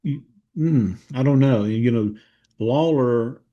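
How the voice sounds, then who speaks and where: A man co-hosting a casual podcast, thinking aloud with many pauses and restarts. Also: mid-range voice, highs cut off. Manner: thoughtful, hesitant, many fillers and restarts. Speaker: co-host of a wrestling history show.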